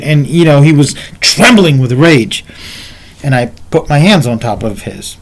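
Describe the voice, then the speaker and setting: A man's voice: on the high side, sing-song, unhurried. Rambling, conversational male storyteller. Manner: rambling and conversational, with asides to the viewer. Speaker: martial arts instructor. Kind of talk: casual storytelling.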